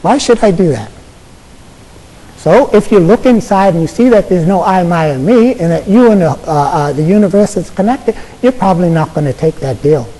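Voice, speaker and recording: Husky-voiced American monk in echoey hall. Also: male voice, sits high, expressive, warm tone. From United States. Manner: halting, conversational, many fillers and repeated "okay?". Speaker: Buddhist monk. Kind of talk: Zen dharma talk to an audience.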